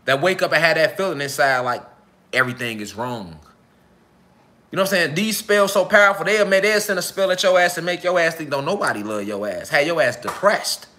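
A man's voice: a little high, expressive, brisk, bright, forceful tone. A man giving an unscripted live speech to his followers, heated and profane, with lots of repetition and street slang. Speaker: self-styled spiritual speaker.

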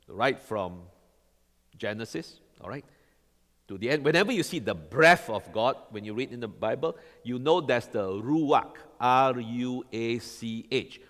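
Animated preacher in a reverberant hall. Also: male voice, medium pitch. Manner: animated, quizzes the congregation with repeated "all right?". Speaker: pastor. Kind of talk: sermon.

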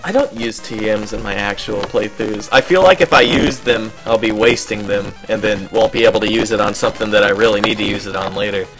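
A man's voice: fairly low pitch, a bit bright, faint music behind, poor audio. A young man chatting casually about a video game with friends, rambling and joking. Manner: rambling, joking, quick asides. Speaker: let's play co-host. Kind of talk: casual gaming chat. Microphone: home computer mic, online voice chat.

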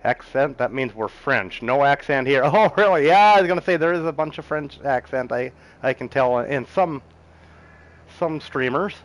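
A man's voice: mid-range voice, expressive, normal speed, poor audio. A middle-aged man casually commenting on his farming game as he plays. He chats with viewers, chuckles often and talks to himself about the next task. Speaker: game streamer. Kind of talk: casual gameplay commentary while reading chat.

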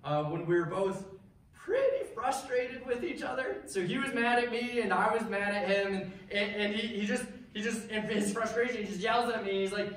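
A young man with a high, slightly bright voice preaches a sermon to a youth group at a moderate pace. He's casual and chatty, full of fillers and constant "right?" and "okay?" check-ins. The mic sits far away in a very echoey church hall, with faint noise.

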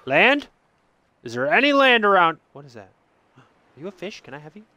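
Excitable man narrating a video game. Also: sits high, normal speed, no room sound, lo-fi sound. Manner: excitable, jokey, swings from muttering to yelps. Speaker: gaming streamer. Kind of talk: let's play commentary.

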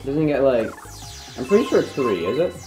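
Brief: young male let's-player, lively up-and-down delivery, teasing and profane, casual commentary. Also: medium pitch, fairly quick, faint music behind, rough recording. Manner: excitable, teasing, swears freely. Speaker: let's play co-host.

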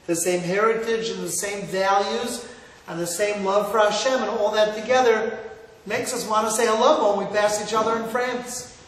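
A middle-aged rabbi from Cleveland giving an earnest sermon, telling stories and mixing in Hebrew and Yiddish words. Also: male voice, sits high, a bit bright. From Cleveland, Ohio, USA. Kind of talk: sermon to a live audience. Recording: echoey hall, mic far off, faint noise.

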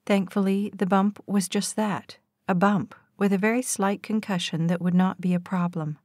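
A woman narrating a romance audiobook in a calm, even storytelling manner on a close studio mic. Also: mid-range voice, normal speed, no echo. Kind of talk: scripted narration.

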